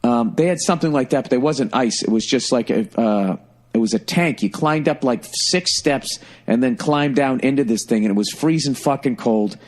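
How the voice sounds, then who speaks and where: A middle-aged man telling a funny story in a casual, profane, animated way, like a stand-up comedian on a podcast. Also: mid-range voice, normal speed.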